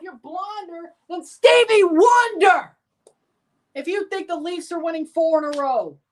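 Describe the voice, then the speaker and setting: A woman streaming a sports watchalong, ranting with profanity and sarcasm and bursting into shouts. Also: very high-pitched, measured pace. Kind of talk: live sports reaction rant.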